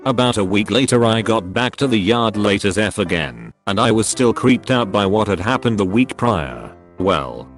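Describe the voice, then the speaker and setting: In a steady, even narration, a man with a fairly low voice reads online stories aloud while faint music plays softly in the background. It's scripted narration.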